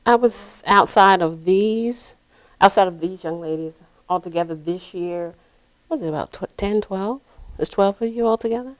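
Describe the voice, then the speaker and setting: A woman who founded a youth mentoring program, answering interview questions in a halting way with frequent restarts. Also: medium pitch, poor audio. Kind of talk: casual interview.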